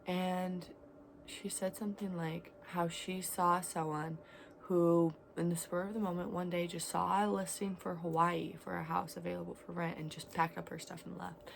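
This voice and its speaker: A woman in her twenties talking in a candid, rambling vlog about her life, swinging between loud and quiet. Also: fairly low pitch, little pitch movement, normal speed, vocal fry, slight background noise. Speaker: vlogger. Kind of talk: casual confessional vlog.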